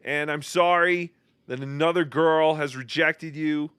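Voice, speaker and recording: A man's voice: on the high side, fairly even intonation, unhurried, a bit bright, clear, resonant tone, no room sound, studio quality. A man hosting a casual chat, teasing guests with crude jokes. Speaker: host.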